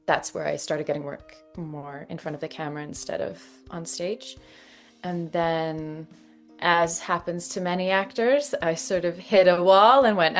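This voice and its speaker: A Canadian woman in her thirties, an actress and dialect coach telling her story in an interview, lively and often laughing. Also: fairly low pitch. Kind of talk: conversational interview.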